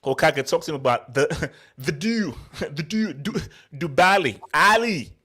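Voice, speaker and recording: A man co-hosting a casual football podcast, ranting loudly and excitably, repeating himself. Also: fairly high pitch, measured pace, breathy edge. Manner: loud, excitable, repetitive ranting. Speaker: podcast co-host. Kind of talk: heated casual football chat.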